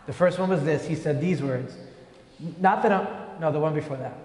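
A man preaching a lively sermon, joking and acting out little voices as he teaches from a verse. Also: fairly high pitch, moderate pace. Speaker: pastor. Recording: echoey hall, long reverb.

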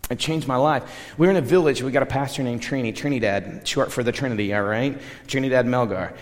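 Animated preacher in a reverberant hall. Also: male voice, mid-range voice, fast. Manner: animated, conversational, acts out dialogue. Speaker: missionary preacher. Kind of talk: sermon storytelling.

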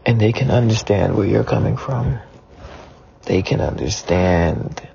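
A man's voice: on the low side, unhurried, gravelly, warm tone, a little hiss or hum. A spiritualist man in a raw, emotional monologue, tearful and repeating himself, swearing as he vents. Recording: dull lo-fi recording.

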